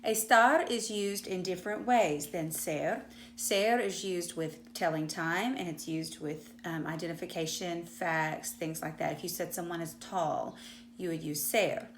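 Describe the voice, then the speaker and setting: A woman's voice: on the low side, measured pace. A Spanish teacher with a Southern US accent, a woman who patiently explains and asks her class questions. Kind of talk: classroom lesson to students. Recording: echoey room with faint hum.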